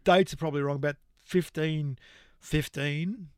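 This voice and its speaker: A rambling, self-deprecating man in his fifties chats as a podcast co-host. His voice sits a little high, and the recording is close and dry with no room sound. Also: steady tone, normal speed, smooth, no room sound. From Australia. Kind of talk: casual chat.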